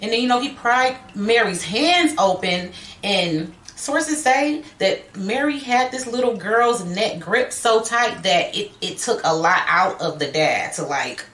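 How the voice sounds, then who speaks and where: A woman's voice: medium pitch, animated, slow, a bit bright. A woman telling a true-crime story in a casual, chatty way, acting out the quotes of the people in it. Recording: echoey room, faint hiss.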